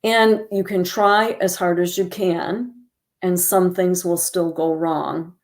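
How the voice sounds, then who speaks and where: A woman presenting a calm educational talk on caregiving, modeling gentle phrases to use with loved ones. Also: lowish voice, takes it slowly.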